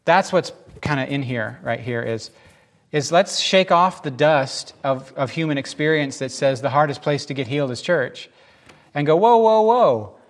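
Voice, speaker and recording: A man giving informal, emphatic Bible teaching in a lively, conversational way. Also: mid-range voice, moderate pace.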